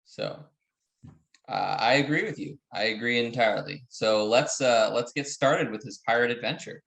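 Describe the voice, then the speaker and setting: A man's voice: mid-range voice, normal speed, creaky, fairly bright tone. A man in casual, jokey reaction chat with a mid-range voice, recorded in a roomy space with noticeable echo. He talks playfully and riffs on what he watches. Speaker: movie reaction co-host.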